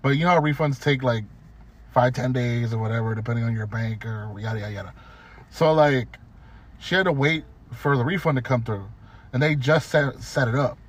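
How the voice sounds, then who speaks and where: A man co-hosting a podcast in casual chat, telling a story in a profane, animated way and mocking the people in it. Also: medium pitch, brisk, husky. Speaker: podcast co-host.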